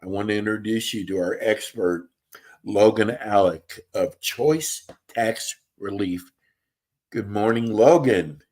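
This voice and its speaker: A man hosts a live radio talk show in a chatty, folksy style, now and then losing his train of thought. His lowish voice is slow and somewhat mellow, coming through a remote call with a poor connection.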